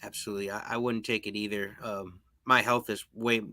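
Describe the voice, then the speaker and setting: Male podcast host, casual and chatty, bright forceful tone, dry close sound. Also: fairly low pitch, flat delivery, a little fast, no room sound. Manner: laughs easily, reads viewer comments aloud. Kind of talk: casual live-stream interview.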